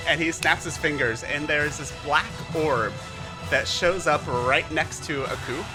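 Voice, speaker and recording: A man running a tabletop game as game master, narrating in a relaxed, chatty way with many fillers. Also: a little high, slow, music in the background.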